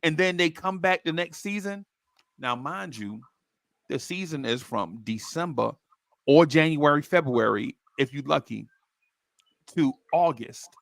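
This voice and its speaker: A man hosting a casual podcast chat, telling animated stories and laughing easily. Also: on the high side, a little slow, creaky, no echo. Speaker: podcast host.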